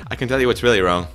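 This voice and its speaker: A man's voice: medium pitch, fairly bright tone. A man rambling casually at his webcam in a room at home, joking at himself while he fiddles with camera settings. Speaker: YouTuber.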